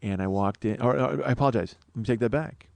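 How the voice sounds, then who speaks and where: A podcast host tells a rambling comic story, exasperated and profane, and always ready to mock himself. His voice sits at an ordinary male pitch. It is recorded dry and close, with no room sound. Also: fast talker, creaky, a little mellow, no room sound. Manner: exasperated, profane, self-mocking.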